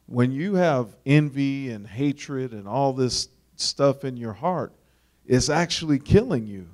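A man's voice: medium pitch, animated, slow, darkish tone. A man speaking earnestly and conversationally in a Bible study discussion, with frequent "you know"s.

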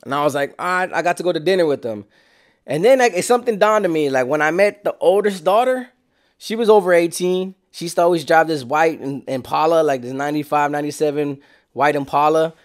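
A young man casually telling a street story, slangy and animated. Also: brisk. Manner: slangy, animated, acts out quotes in lower voice.

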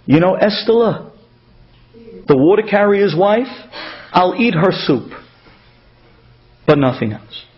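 A man quoting a very old, sick, saintly rabbi in a quiet, low, firm tone. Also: expressive, slow pace, pauses often, highs cut off.

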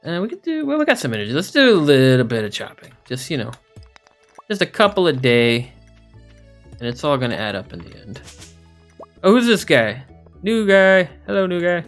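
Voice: mid-range voice, very animated, moderate pace, pauses often, faint music behind. A game streamer making casual, jokey, rambling commentary while playing. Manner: jokey, rambling, laughs often.

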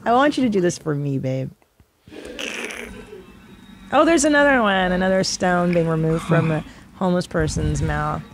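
A woman co-host chatting loosely on a podcast, her pitch swinging up and down as she laughs and teases. She swears freely and reacts out loud to whatever she watches. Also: lively intonation, normal speed, pauses often, music in the background. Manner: laughing, crude, teasing. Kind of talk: casual chat.

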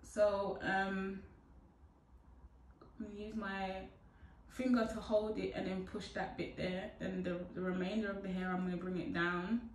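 A young woman chatting casually through a hair how-to, playful and breezy, with sudden loud whoops. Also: medium pitch, level tone, unhurried, slight background noise. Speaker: hair tutorial vlogger. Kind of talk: casual how-to chat to camera. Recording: echoey room from a distant mic.

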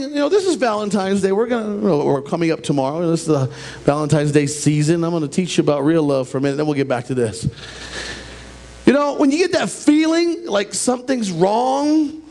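A middle-aged man preaching a sermon in a church, talking in an animated, conversational way with joking asides. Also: high voice. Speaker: pastor. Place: church sanctuary.

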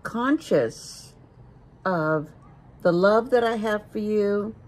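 An older woman in a casual family conversation, telling a story slowly and gently. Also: mid-range voice, animated, rough recording. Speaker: guest, the host's mother.

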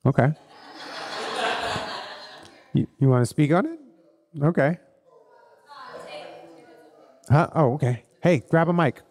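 Animated blunt man in an echoing hall. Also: fairly high pitch, measured pace. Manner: animated, blunt storytelling with swearing. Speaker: host leading a live group session. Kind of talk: live event talk. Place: event hall. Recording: long hall reverb at a live event.

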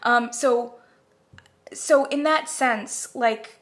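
A woman chatting casually to camera as she reviews candles, animated, now and then dropping to a whisper. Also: on the high side, very slow. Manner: chatty, animated, swearing, drops into whispers and mock voices.

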